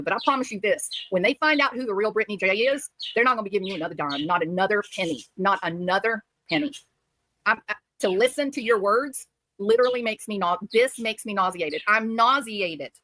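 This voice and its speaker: A woman's voice: mid-range voice, expressive, brisk, bright, forceful tone, dry recording. A woman giving heated commentary as a streamer, scolding and repeating herself for emphasis.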